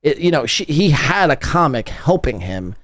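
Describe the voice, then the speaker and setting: A man hosting a casual podcast, teasing his guest and swearing freely with quick laughs. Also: a little high, big pitch swings, a bit bright, no echo. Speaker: podcast host.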